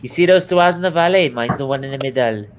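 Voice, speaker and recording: A man's voice: fairly high pitch, fast talker. A man bantering and teasing on a live football watchalong, swearing now and then. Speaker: watchalong co-host. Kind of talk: casual banter. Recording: clear background noise.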